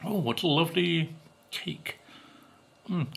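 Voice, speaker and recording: A man from Britain tasting cakes on his food vlog, talking slowly and musing, humming as he savors each bite. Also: fairly high pitch, gravelly, a bit bright, husky. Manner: slow, musing, savoring with hums between bites. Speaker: food vlogger.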